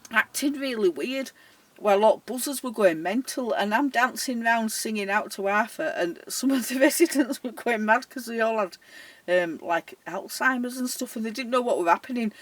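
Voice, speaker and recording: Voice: medium pitch, normal speed, dry recording. A care worker telling a personal story casually, acting out the voices in it. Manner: animated, dialect-heavy, often laughing, acting out the voices in the story. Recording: voice a little distant from the mic.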